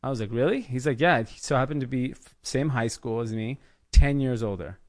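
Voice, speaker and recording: A man in his thirties from the Los Angeles area, a podcast guest telling his business story in a casual, animated way, acting out the people he quotes. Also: medium pitch, fairly quick. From United States, Los Angeles area. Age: 30s. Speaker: podcast guest, clothing brand founder.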